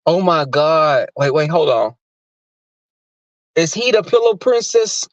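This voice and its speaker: Animated, profane show commentator. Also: medium pitch, slow pace, pauses often, no room sound. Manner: animated, jumps into mocking impressions of people. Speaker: commentator recapping a reality show. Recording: dull lo-fi dry recording.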